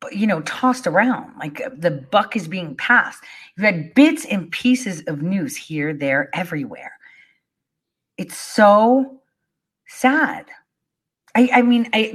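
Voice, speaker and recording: A woman vlogging to her viewers, telling a story in a blunt, animated way, swearing freely and using lots of "like" and "you know.". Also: on the low side. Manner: conversational, many fillers like "you know" and "like".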